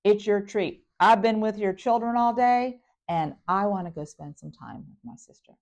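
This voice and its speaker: A relaxed, easygoing brother who talks low and gentle, as a woman puts him on in her story. He sounds affectionate and sheepish. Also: moderate pace, lightly acted. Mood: soft. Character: laid-back adult brother, affectionate and apologetic.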